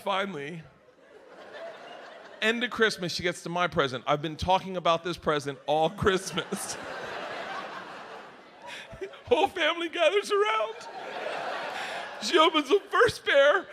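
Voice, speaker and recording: A male stand-up comedian telling a story on stage, loud and profane, acting out his family's voices. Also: high-pitched, very animated, a little slow, pauses often. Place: large theater stage with audience laughter. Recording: live hall recording with ambient noise.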